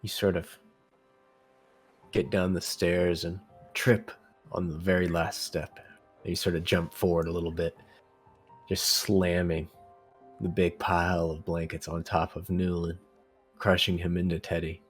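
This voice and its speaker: A young man with a low voice runs a tabletop game over voice chat, narrating scenes in a calm, descriptive way. Faint music sits under his words. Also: a little slow, pauses often, slightly rough. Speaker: game master.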